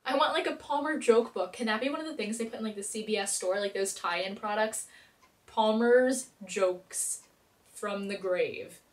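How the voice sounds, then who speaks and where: A woman's voice: a little high, fairly even intonation, quick pace, few pauses, a bit bright, distant mic, slight background noise. Bubbly rambling woman, a bit off-mic. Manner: bubbly, rambling and self-mocking. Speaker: TV episode recapper. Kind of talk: casual episode recap and review.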